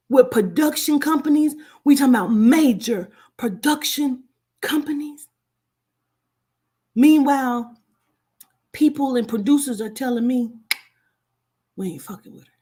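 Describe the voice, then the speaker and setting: A high-pitched woman who does spiritual readings tells a personal story at an unhurried pace with long pauses. She's casual and blunt, swears often, and acts out the voices she quotes.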